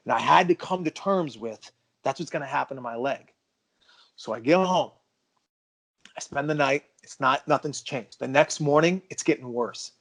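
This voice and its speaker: A man's voice: medium pitch, normal speed, a bit bright. Emphatic man telling a personal story. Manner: emphatic, insists the story is true. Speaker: podcast co-host. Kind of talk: casual storytelling.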